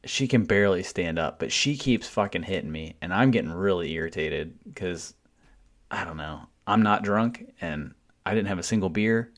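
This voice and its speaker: A man's voice: low voice, normal speed. A man co-hosting a podcast, telling a concert story in a blunt, casual way and swearing freely. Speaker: podcast co-host.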